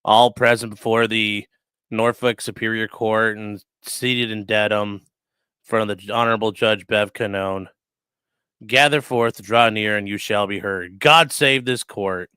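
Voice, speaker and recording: A man's voice: fairly low pitch, steady tone, measured pace, bright, forceful tone, clear, resonant tone, no echo, voice pushed down. A man mocking a pompous droning court crier.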